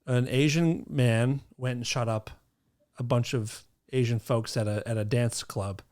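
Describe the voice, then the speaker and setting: A man's voice: mid-range voice, fairly even intonation, a little slow, darkish tone. A man co-hosting a podcast, chatting casually and dropping sarcastic, joking asides. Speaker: podcast co-host. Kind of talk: casual chat.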